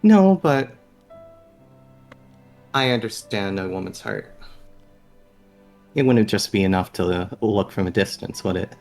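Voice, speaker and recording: A man's voice: on the low side, animated, slow pace, gravelly, long pauses, a little mellow, soft background music, heavily acted. A man playing a sly worldly young woman.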